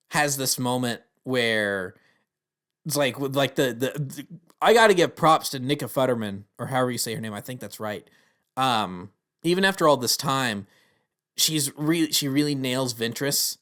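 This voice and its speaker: A man's voice: mid-range voice, fairly bright tone. A man giving a casual spoken review of a TV series. He talks earnestly and rambles.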